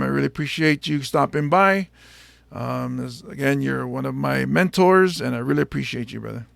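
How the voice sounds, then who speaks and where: A man's voice: on the high side, gravelly, a bit bright, no room sound. A man hosting a comedy podcast, chatting casually and playfully and slipping into jokey bits. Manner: playful, joking, slips into bits.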